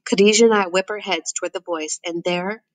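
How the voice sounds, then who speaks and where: A woman reading a first-person novel aloud as an audiobook narrator, in a steady, measured way. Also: mid-range voice, no room sound, poor audio.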